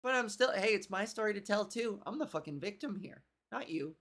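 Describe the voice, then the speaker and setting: A woman's voice: mid-range voice, animated, normal speed. A woman comedian hosting her own podcast, with a cracky voice, rambling and swearing in casual, self-deprecating chat. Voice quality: cracky, gravelly voice.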